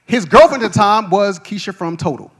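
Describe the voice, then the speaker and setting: A middle-aged man hosting a podcast, telling stories to a live audience with quick restarts, frequent laughs and a habit of asking "right?". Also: sits high, expressive, a bit bright, husky. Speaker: podcast host. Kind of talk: animated storytelling to a live audience.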